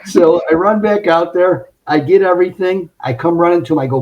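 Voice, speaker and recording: A middle-aged man recounts stories in a lively, casual way, often laughing. His voice sits a little high for a man. He is recording from a closet at home. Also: a little fast, hardly any pauses, slight background noise, rough recording. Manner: animated, laughs while telling stories. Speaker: podcast guest. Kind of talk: casual storytelling.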